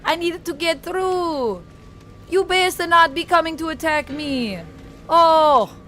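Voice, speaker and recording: A woman streamer putting on a hammy, excitable Italian accent while playing a horror game, exclaiming as she goes. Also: extremely high pitch, slow pace, faint music behind, pitched above the performer's own voice, exaggerated voice. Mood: alarmed. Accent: put-on Italian. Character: exaggerated cartoonish Italian woman, dramatic and excitable. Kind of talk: gaming livestream banter.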